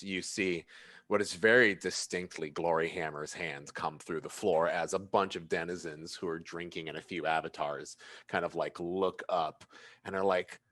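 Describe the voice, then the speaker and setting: A man's voice: low voice, a bit bright, dry recording. A man narrating as game master in a casual, laid-back way, swearing now and then.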